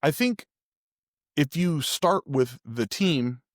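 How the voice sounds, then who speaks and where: A man's voice: fairly high pitch, lively intonation, takes it slowly, no room sound, clean studio sound. A man hosting a podcast, telling a personal story in a candid, rambling way with frequent restarts. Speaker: podcast host. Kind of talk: casual storytelling.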